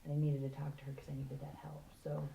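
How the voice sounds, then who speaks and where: A woman's voice: sits low, monotone, fast talker, gravelly, mellow. A woman interviewer giving long, encouraging, rambling prompts with many fillers. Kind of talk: coaching interview. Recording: echoey room with faint background noise.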